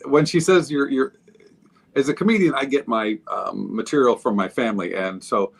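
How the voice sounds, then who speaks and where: A man's voice: medium pitch, normal speed, creaky, breathy edge. A man, a comedian guest in casual panel chat, joking playfully. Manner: playful, lively intonation.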